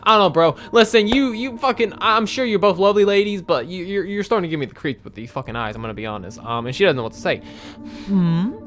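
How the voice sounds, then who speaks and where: Young male gamer, casual let's-play chatter, lively swinging pitch, cursing freely. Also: fast talker, faint music behind. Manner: animated, rambling, swears a lot. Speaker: gaming video creator.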